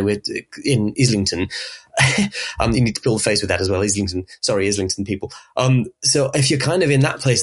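A man's voice: medium pitch, slightly rough. A man with a Southern English Berkshire accent, speaking expressively as a podcast guest and voice specialist in a conversational interview. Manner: expressive, demonstrates speech sounds, light laughs.

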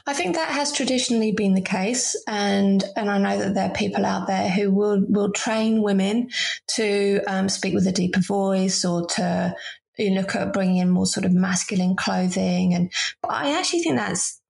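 A woman's voice: medium pitch, normal speed, vocal fry, darkish tone. A woman voice and leadership coach explaining her views earnestly in an interview, often restarting her phrases. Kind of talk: interview conversation.

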